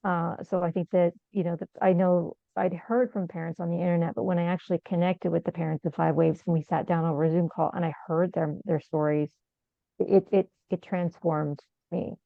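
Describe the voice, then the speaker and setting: A middle-aged woman with a lowish, creaky voice speaks briskly and flatly, yet earnestly and with animation, repeating her points as a survivor advocate on a casual panel. The dry recording has a tinny, phone-like video call sound.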